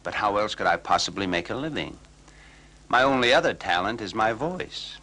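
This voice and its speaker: A man's voice: on the low side, expressive, moderate pace, sharp tone. A man voicing a kindly, cheerful old male donkey in a storybook record, sounding friendly and reassuring. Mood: hopeful.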